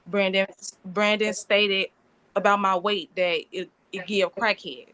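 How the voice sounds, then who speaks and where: A woman's voice: medium pitch, flat delivery, unhurried, fairly bright tone, clear, resonant tone, no echo. Young woman pleading emotionally, dry sound. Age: 20s. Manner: emotional, pleading, run-on sentences. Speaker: alleged victim addressing a bond hearing. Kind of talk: unscripted plea in court.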